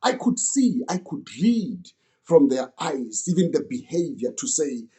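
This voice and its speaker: Man, first-person storytelling, earnest, mellow, slow delivery. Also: fairly high pitch, very animated. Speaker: student retelling a story.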